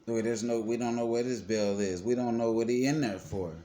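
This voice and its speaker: A man vlogging, telling his own story in a heated, emphatic and profane way, his pitch swinging widely as he talks. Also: steady tone, moderate pace, mellow. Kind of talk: casual storytelling to camera. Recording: clear background noise.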